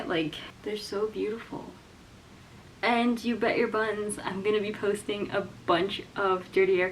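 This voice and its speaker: Young female book vlogger, mid-range voice, gushing and near tears, light background noise. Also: medium pitch. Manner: gushing, emotional, swings between squeals and hushed whispers. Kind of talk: casual unboxing vlog. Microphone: camera mic.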